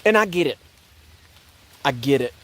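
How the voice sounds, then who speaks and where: A man's voice: mid-range voice, lively intonation, normal speed. A man ranting in a sarcastic, repetitive way about religion and politics, rambling and restarting his sentences. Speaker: online commentator.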